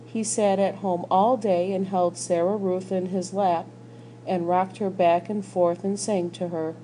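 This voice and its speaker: A woman reading a children's novel aloud, slow and gentle. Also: fairly low pitch, flat delivery, slight background noise, rough recording. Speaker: school staff reader.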